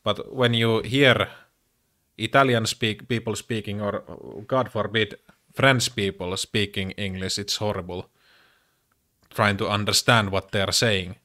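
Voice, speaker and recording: A man's voice: on the low side, steady tone, unhurried, pushed and bright, dry recording, clean studio sound. A man from Finland with a Finnish accent, talking casually in English with many fillers and restarts. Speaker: podcaster. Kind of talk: casual monologue.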